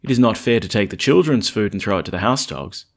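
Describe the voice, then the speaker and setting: A man's voice: lowish voice, expressive, fast talker, creaky. A man reading the words of Jesus, a grave male teacher, as part of a scripture reading. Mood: stern.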